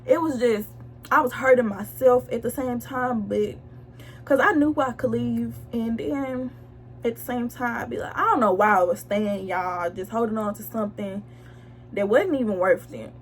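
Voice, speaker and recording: Young woman with a higher voice, blunt and slangy. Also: normal speed, slight background noise. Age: young adult. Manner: blunt, slangy and animated, addressing viewers directly. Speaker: vlogger telling a story. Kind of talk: casual storytime chat.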